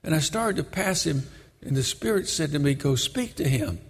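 A man from Brooklyn preaching a sermon, moving between shouted exhortation and a folksy story told with many fillers. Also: on the high side, expressive, normal speed, husky, in a large hall.

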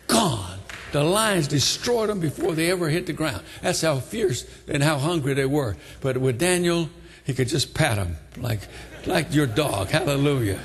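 An older man preaching a sermon, retelling a story with dramatic swings from hushed tones to shouting. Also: fairly high pitch, expressive, measured pace, noisy background. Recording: long hall reverb.

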